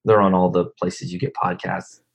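A man talks as a guest in a casual interview, relaxed and rambling with plenty of fillers. His voice is very deep, with a husky edge. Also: moderate pace, low-quality recording. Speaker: comedy video maker, guest.

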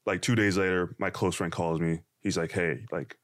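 Young male guest, lower voice, animated storyteller who laughs easily. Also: brisk. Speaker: podcast guest. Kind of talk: casual storytelling.

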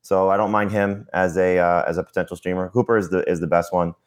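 Co-host, male, very low voice, quick rambling delivery full of fillers. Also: steady tone. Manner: quick, rambling, heavy with "you know" and restarts. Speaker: podcast co-host, fantasy analyst. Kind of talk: casual podcast talk.

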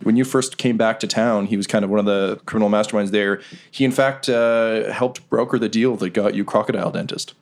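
A man with a fairly low voice narrates a tabletop game as its game master. He talks casually and hesitantly, dropping in fillers as he goes. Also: fairly even intonation, brisk.

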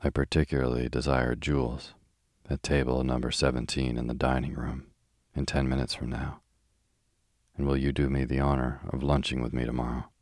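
Brief: a man reads a matter-of-fact tycoon, very low and steady, dry studio sound. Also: normal speed, dry recording. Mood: brisk. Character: brisk decisive American male millionaire. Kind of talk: calm audiobook reading.

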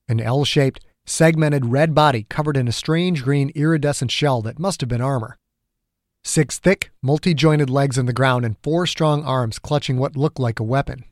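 Guy reading his sci-fi horror story, dramatic and measured, dry close mic. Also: medium pitch, a little mellow, no room sound. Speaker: author narrating his serialized story. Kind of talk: scripted audiobook narration.

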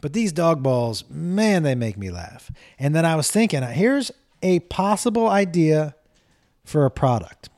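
Animated man telling funny stories. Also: fairly high pitch, a little slow. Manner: animated storytelling, acts out quotes, swears, talks to his dog. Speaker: comedian podcast host. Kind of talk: casual comedic monologue.

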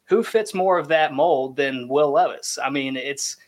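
Casting: male sports panelist, higher voice, thoughtful, hedges his takes. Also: measured pace. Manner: thoughtful, hedges, laughs easily. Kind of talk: casual sports analysis.

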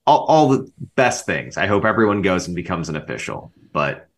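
A man with a low voice, talking football coaching in relaxed podcast conversation. He fills his speech with "like" and keeps an easygoing tone. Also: moderate pace. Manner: relaxed, heavy use of "like". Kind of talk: casual podcast chat.

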